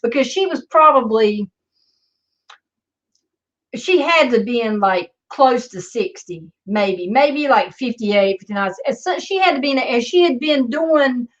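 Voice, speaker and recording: A woman's voice: fairly high pitch, animated, unhurried. A woman telling a story in a rambling, sarcastic way and swearing often, in a slightly dull lo-fi recording. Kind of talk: casual storytelling vlog.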